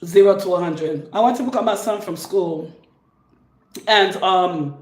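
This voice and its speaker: A woman's voice: fairly low pitch, a little slow. A woman giving casual advice to her viewers, emphatic and rambling, repeating her points for stress. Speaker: vlogger. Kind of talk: casual advice monologue to camera. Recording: echoey room.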